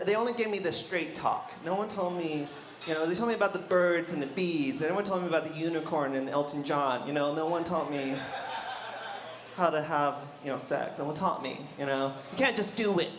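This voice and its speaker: Male stand-up, high-ish voice, self-mocking punchlines, live room with reverb and audience. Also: moderate pace, slight background noise. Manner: self-deprecating punchlines, frequent "you know". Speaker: stand-up comedian. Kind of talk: stand-up set. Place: studio stage before a live audience. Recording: roomy live room with crowd.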